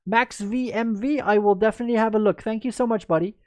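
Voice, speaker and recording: A woman's voice: fairly high pitch, fast, a little mellow, no echo. A woman chess coach in a livestreamed lesson, chatty and upbeat, answering viewers by name as she goes through moves.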